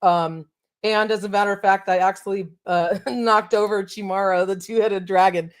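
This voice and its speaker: A woman's voice: mid-range voice, fairly even intonation, moderate pace. A woman co-hosting a casual chat, talking with enthusiasm and many fillers. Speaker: co-host of toy show.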